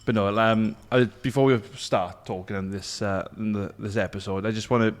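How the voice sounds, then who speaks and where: A man co-hosting a podcast in casual chat, speaking earnestly and with some halting restarts. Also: on the low side, fairly even intonation, in a large hall. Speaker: podcast co-host.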